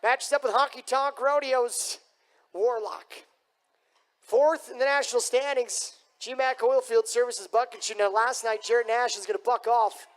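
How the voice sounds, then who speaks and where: A man announcing a live bull riding event in an arena, booming and hyping up the crowd. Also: steady tone, a little slow, fairly bright tone. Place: rodeo arena.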